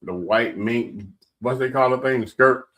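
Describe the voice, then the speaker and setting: A man's voice: mid-range voice, a little slow, fairly bright tone. A man co-hosting a casual radio talk show, asking questions and telling stories. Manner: storytelling, asks leading questions. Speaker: radio co-host.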